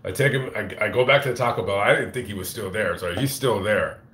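A man with a fairly low voice tells a rambling, swear-filled story in a casual live-stream style. He is recorded on a phone inside a fast-food restaurant. The room is echoey. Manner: rambling, profane, animated retelling. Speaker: vlogger telling a story. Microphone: phone camera.

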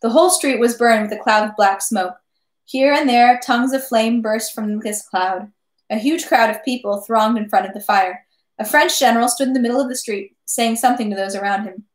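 A woman reading a classic novel aloud in measured, steady narration. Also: on the high side. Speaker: reader. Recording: echoey room.

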